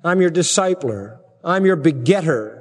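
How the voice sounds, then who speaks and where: A man preaching a sermon as pastor, emphatic, with forceful rhetorical peaks. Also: fairly high pitch, animated, moderate pace. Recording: long hall reverb.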